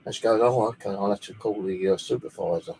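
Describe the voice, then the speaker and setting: A man with a lowish voice tells a story in a loose, rambling way. He swears freely as he talks. There is a faint hiss behind him in his bedroom. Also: quick pace, darkish tone, low-quality recording. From United Kingdom. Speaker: paranormal channel host. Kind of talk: casual storytelling.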